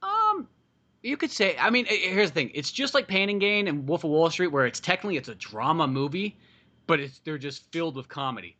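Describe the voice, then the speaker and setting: A man's voice: on the high side, big pitch swings, fairly quick, sharp tone. A man hosting a podcast, making his case in an emphatic, profane, casual way. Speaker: podcast host. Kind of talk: casual chat.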